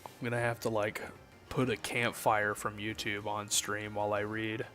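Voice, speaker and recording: A man's voice: lowish voice, normal speed, soft background music. A man from the Southern United States with a Southern accent, chatting casually with viewers and cracking jokes on a late-night game stream. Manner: relaxed, joking, chatting with viewers.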